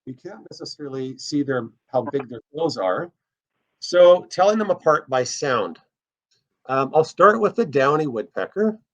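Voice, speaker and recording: A man teaching a casual online birding lesson, explaining step by step as he plays bird recordings. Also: fairly high pitch. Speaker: birding instructor.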